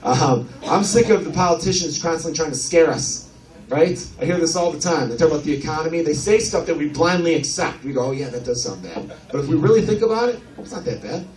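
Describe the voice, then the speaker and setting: A man from Chicago doing a brash, profane stand-up comedy set on a comedy club stage, with lively storytelling. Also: a little high, quick pace, distant mic. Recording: echoey club recorded from afar. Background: audience laughter.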